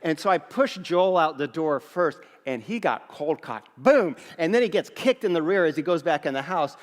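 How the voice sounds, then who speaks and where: A middle-aged man preaching a sermon as a pastor, telling a story with humor and lively restarts. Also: on the high side, normal speed. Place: large church auditorium. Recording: long reverb of a church hall.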